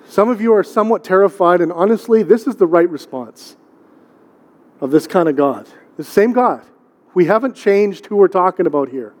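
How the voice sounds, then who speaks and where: A middle-aged man preaches in a casual, conversational way, leaning on repetition and questions to the congregation. His voice sits high for a man. The sound carries a long hall echo from the church. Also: animated, normal speed, darkish tone. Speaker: pastor. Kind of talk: sermon. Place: church sanctuary.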